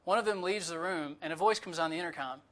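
A man with a high, bright voice delivers a sermon as a visiting preacher. He keeps it conversational, with light asides to the congregation, and sticks closely to his notes. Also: fast talker. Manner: conversational, with humorous asides and disclaimers. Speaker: guest preacher.

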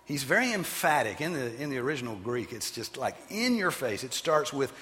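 A pastor preaches a sermon in a large hall, his mid-range voice brisk, animated and emphatic. At times he puts on loud voices for the people he quotes.

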